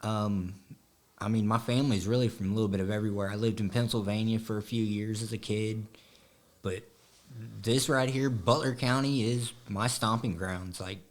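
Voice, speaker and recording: This man, a guest on a casual podcast interview, comes from Southwest Ohio in the USA and carries a slight country drawl. His voice sits on the low side with a steady tone and moderate pace, and he chats in an easygoing, conversational way full of fillers.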